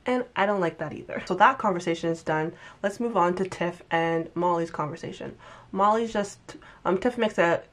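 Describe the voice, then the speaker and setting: A young woman talking casually into the camera, her voice sitting a little low. She recaps a show in a chatty, lively way and slips into exaggerated voices for quoted lines. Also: moderate pace. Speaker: TV recap vlogger. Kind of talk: casual commentary.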